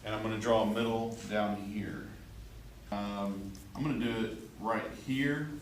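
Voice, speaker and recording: A man's voice: lowish voice, fairly even intonation, unhurried. A male art teacher, chatty and joking as he demonstrates a drawing and checks in with his class. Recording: echoey classroom from far off, faint room noise.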